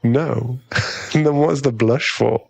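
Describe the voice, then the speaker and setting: Male voice actor as a cocky young rival for an ASMR role-play: gravelly, slow and smug, always teasing. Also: mid-range voice, steady tone, darkish tone, no room sound, exaggerated voice. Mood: gleeful taunting. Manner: taunting, smug, chuckling. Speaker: ASMR roleplay performer.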